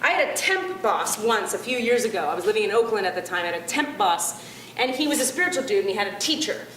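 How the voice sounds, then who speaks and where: A woman doing stand-up comedy in a chatty, animated way, often asking the audience questions. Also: mid-range voice, fast, roomy sound, a little hiss or hum.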